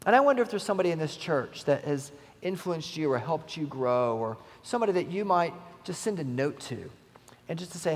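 A male pastor delivers an earnest, conversational sermon. His voice sits a little high with a gravelly edge, and long reverb from the church hall trails after each phrase. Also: very animated, fairly quick. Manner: earnest, conversational preaching with rising emphatic quotes. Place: church sanctuary.

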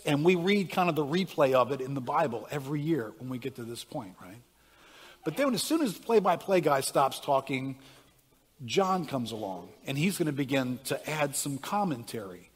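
A man preaching a sermon in a lively, conversational way that builds to emphatic peaks. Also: fairly high pitch, moderate pace, husky. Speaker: pastor. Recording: long hall reverb.

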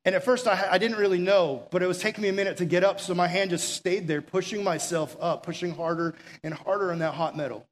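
A young adult man preaching a sermon, earnest and urgent, telling stories conversationally with filler words and dropping to quiet, intimate stretches. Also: sits high, steady tone, fast, few pauses. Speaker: pastor.

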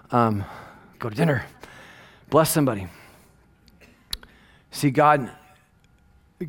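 A middle-aged man preaching a casual, conversational sermon, animated and rambling, often checking in with "right?" and dropping from loud emphasis to hushed asides. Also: mid-range voice. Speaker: pastor.

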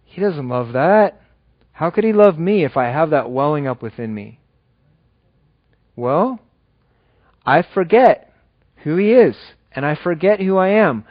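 A man preaching a sermon in an earnest, conversational way, dropping low and slow when he reads scripture. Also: very animated, no echo, highs cut off. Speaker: pastor.

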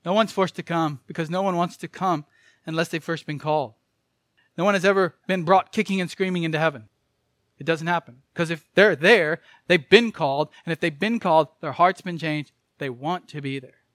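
A male preacher with a high voice delivers a sermon earnestly, pressing each point and repeating key phrases. The sound is dry and close, with no room echo. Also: fairly quick, a bit bright.

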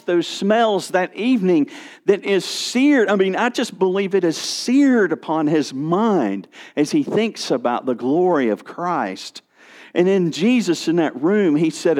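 This pastor's voice is high-pitched and a bit slow as he preaches. He leans hard on emphasis, letting it swell and drop, and occasionally starts a line over.

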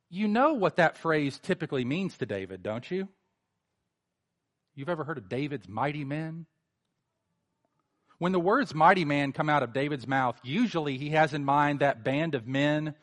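Animated male pastor preaching. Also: on the high side. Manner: animated, sarcastic mocking asides in preaching. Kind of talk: sermon.

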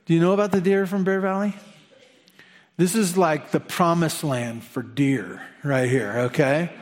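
Male pastor, sermon delivery; animated, chatty, fond of humorous asides, slightly high-pitched. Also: unhurried.

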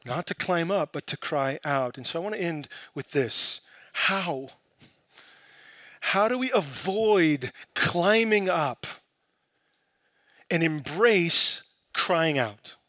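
A man preaching a sermon, building from quiet, searching questions to impassioned, emphatic peaks. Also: on the high side, expressive, slow, long pauses, no echo. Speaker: pastor.

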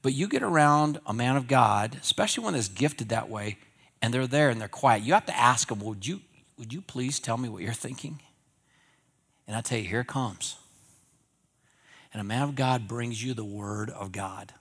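Emphatic preacher man with swings in volume. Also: moderate pace. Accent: Wyoming. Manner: emphatic, rising to loud peaks then dropping low and conversational. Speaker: pastor. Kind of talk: sermon.

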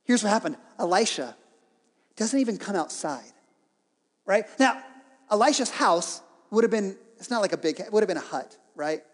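High-voiced preacher in an echoing hall. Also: male voice, moderate pace. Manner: lively storytelling with joking asides. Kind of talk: sermon. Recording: reverberant hall.

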